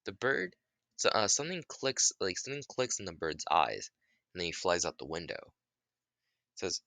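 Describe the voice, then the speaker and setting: Man, casual storyteller, low voice, bright tone, rambling, dry sound. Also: lively intonation, normal speed, pauses often, dry recording. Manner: rambling, with restarts and profanity.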